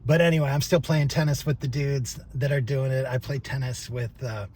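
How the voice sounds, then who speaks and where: A man's voice: mid-range voice, steady tone, moderate pace, darkish tone, slight background noise. An older man, a former trial attorney, talking casually to camera in a rambling, profane, chuckling way. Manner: rambling, chatty and profane, with frequent fillers and chuckles.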